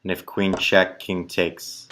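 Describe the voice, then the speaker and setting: Thinking aloud while calculating, a chess player mutters moves in short, clipped phrases as he solves tactics puzzles. His voice is low and completely flat, and he takes it slowly against a noisy background.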